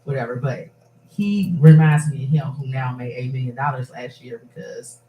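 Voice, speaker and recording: Speaking at normal speed in a mid-range voice, this talk show host chats casually, rambling with upbeat emphasis. The lo-fi sound comes from an echoey room with faint noise.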